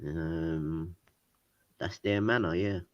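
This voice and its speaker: A man's voice: low voice, slow. A man co-hosting a podcast in casual chat, firing dry, needling questions at his partner. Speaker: podcast co-host. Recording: muffled lo-fi recording.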